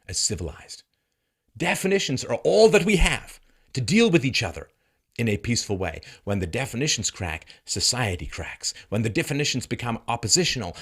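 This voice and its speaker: A man's voice: on the low side, a bit bright, husky. A man delivering a political commentary monologue, mocking and sarcastic, firing off heated rhetorical questions. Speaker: commentary host.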